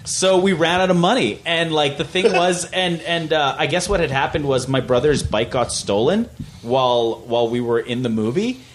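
A man's voice: fairly high pitch, moderate pace, slight background noise. A man in his thirties telling a long rambling story in casual chat, laughing often and filling with "like".

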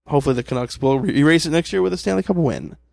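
A man's voice: fairly high pitch, racing, vocal fry, darkish tone, no room sound, poor audio. A man from Canada co-hosting a casual podcast, opinionated and casual, swearing now and then. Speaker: podcast co-host.

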